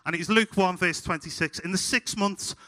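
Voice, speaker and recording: A young man with a Scouse accent from Liverpool, preaching a sermon told through funny, animated stories. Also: high voice, moderate pace. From Liverpool, England. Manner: humorous, animated anecdotes. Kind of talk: sermon with storytelling. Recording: hall reverb.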